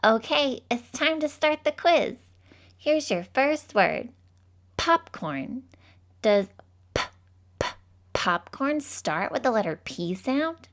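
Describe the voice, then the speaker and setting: Slow, cheerful woman teaching small children. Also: high voice, sing-song. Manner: sing-song, encouraging, exaggerated sounds.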